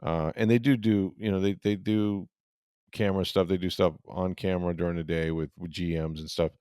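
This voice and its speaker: Middle-aged male podcast host with a deep voice, chatty and rambling, dry studio sound. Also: steady tone, a little fast, mellow, smooth, dry recording. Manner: rambling storyteller with many fillers. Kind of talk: casual sports podcast chat.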